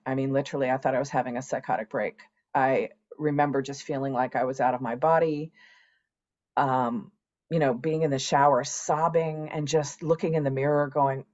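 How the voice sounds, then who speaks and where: A woman's voice: very deep voice, darkish tone, highs cut off. A woman in her sixties, a podcast guest telling her own story candidly and animatedly, acting out past conversations. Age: 60s. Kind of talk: candid personal interview.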